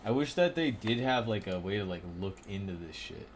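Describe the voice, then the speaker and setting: A man's voice: on the low side, animated, brisk, slight background noise. A young man casually commenting on a stream, rambling, swearing and often breaking into laughter. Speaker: streamer ranking comedians.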